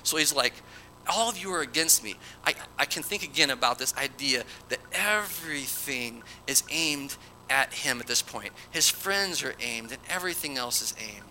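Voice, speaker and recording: A man preaching an expository sermon, reading scripture dramatically and swinging from loud emphatic lines to hushed, near-whispered ones. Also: medium pitch, lively intonation, normal speed, a little hiss or hum.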